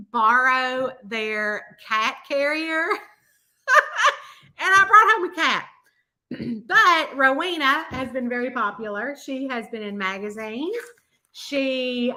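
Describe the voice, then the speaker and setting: A woman's voice: high-pitched, pushed and bright. A middle-aged woman with a Southern US accent, casually chatting with her audience as host and telling a long story full of quoted voices. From American South. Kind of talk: casual chat.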